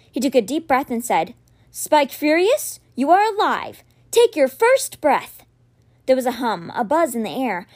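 A woman reading a children's fantasy novel aloud for a podcast, with expressive, dramatic storytelling. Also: on the high side. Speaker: podcast reader.

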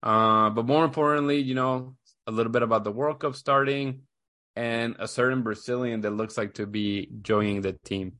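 A man in his thirties hosts a casual podcast and tells a story in a loose, rambling way, full of fillers and false starts. His voice sits at an ordinary middle pitch. The mic is close, and the sound is dry. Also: fairly even intonation, moderate pace, fairly bright tone, dry recording. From Houston area, USA. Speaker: podcast host. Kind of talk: casual chat.

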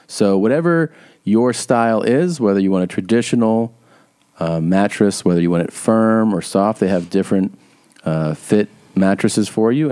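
Fairly low and warm, this man's voice belongs to a podcast co-host. The talk is casual chat and an ad read, as he jokes loosely, lists tour dates, and reads ads.

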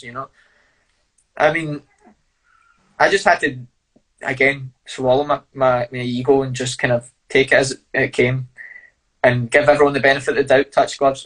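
A man's voice: medium pitch, fairly even intonation, moderate pace, pauses often, fairly bright tone, poor audio. A man telling sweary, laughing stories as an interview guest. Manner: blunt, sweary, laughing storyteller. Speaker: fighter and guest. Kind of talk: casual storytelling interview.

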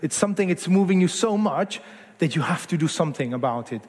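A man's voice: fairly high pitch, expressive, fairly quick, a little mellow, in a large hall. A man in his forties from Argentina, preaching a sermon in an earnest, conversational way that often corrects itself mid-phrase. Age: 40s.

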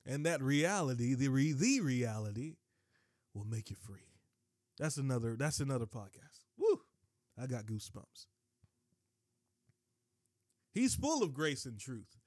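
Animated preacher man, dry close sound. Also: a little slow, pauses often, no echo. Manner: animated, rises to high excited shouts, digresses, laughs. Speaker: podcast preacher. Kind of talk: sermon.

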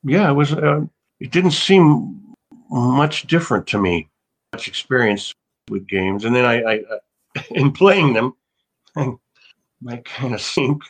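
A man's voice: medium pitch, expressive, unhurried, pauses often. Rambling older man telling stories. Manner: rambling, restarts often, laughs. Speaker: actor guest. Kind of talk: casual interview chat.

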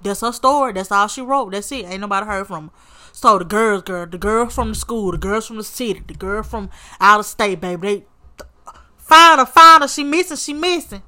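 Sassy, bright-voiced woman telling a story. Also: medium pitch, brisk. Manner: sassy, animated, swears freely, calls listener honey and baby. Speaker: podcast host. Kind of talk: casual storytime commentary.

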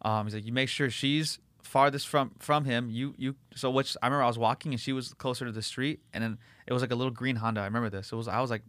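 A man's voice: mid-range voice, fairly even intonation, fast, hardly any pauses, a bit bright, dry recording. A man, hosting a podcast and telling a rambling, profane story with lots of fillers. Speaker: podcast host. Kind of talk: casual chat.

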